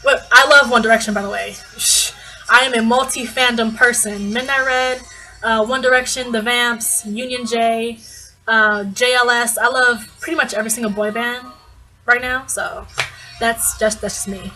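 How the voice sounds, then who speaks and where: Brief: young female vlogger, slightly high voice, bubbly and gushing, casual storytelling. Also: fairly even intonation, normal speed, sharp tone, soft background music, poor audio. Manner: bubbly, gushing, lots of likes and restarts. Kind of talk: casual fan vlog storytelling.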